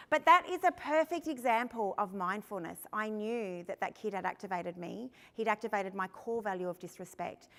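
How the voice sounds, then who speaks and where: A woman's voice: medium pitch, pushed and bright. Australian woman presenting in an echoing hall. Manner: chatty storytelling, asks the audience questions. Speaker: foster care trainer and carer. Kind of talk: conference workshop presentation. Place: conference room. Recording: long hall reverb.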